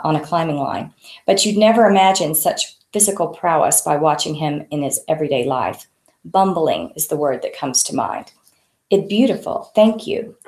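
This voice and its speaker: A woman author reads her novel aloud, conversational and unhurried. Her voice is low with a gravelly texture, and the recording is echoey. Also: a little mellow. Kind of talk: audiobook reading of her novel. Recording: echoey room.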